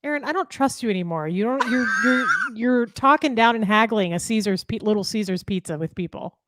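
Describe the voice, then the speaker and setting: A woman from Kansas co-hosting a casual podcast, answering with dry, scolding banter and quick comebacks. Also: fairly high pitch, fairly bright tone. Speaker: podcast co-host. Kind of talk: casual chat.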